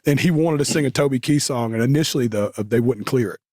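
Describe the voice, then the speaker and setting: A man's voice: medium pitch, fast, a little mellow, no room sound, studio quality. A man, telling stories casually as an interview guest, with lots of fillers. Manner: drawling Southern talk with many fillers.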